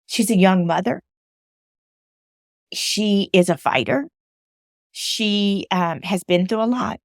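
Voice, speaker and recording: A woman's voice: medium pitch, slow, pauses often, no room sound, studio quality. A woman from Alabama giving a personal storytelling talk, emphatic and repeating phrases for emphasis. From Alabama, USA. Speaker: motivational speaker.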